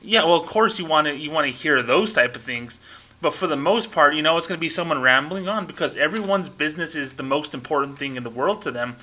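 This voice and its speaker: Bright-voiced man ranting on a podcast. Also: a little high, expressive, fast talker. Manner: frank, ranting, storytelling with acted quotes. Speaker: podcast host, former bank employee. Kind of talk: casual monologue podcast.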